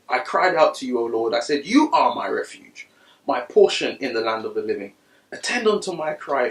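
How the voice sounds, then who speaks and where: Man preaching a sermon in an echoey room. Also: recorded from a distance. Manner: swings from quiet reading to loud, high-pitched preaching bursts. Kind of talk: sermon with scripture reading.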